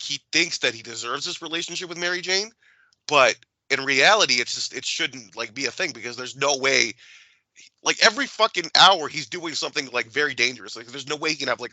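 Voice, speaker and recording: A man's voice: mid-range voice, no room sound, poor audio. A man co-hosting a podcast, chatting casually and swearing freely as he retells scenes. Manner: swears a lot, animated retelling. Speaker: podcast co-host. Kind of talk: casual chat.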